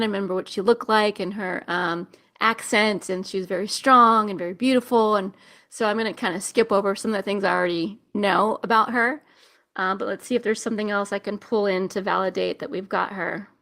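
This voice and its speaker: A woman hosting a live intuitive reading show, speaking softly and slowly, at times close to tears. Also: mid-range voice. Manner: soft, gentle, slow and emotional. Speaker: intuitive reader, show host. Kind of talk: live psychic reading session.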